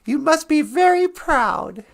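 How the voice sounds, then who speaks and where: Woman voicing friendly male crow, casual, content, high voice, slow, folk tale. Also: animated, gravelly, full character voice.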